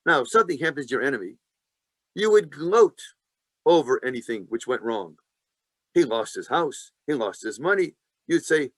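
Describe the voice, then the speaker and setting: A man teaching a Torah class, emphatic and lively, who asks his listeners questions and answers them himself, with joking asides. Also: mid-range voice, normal speed, dry recording.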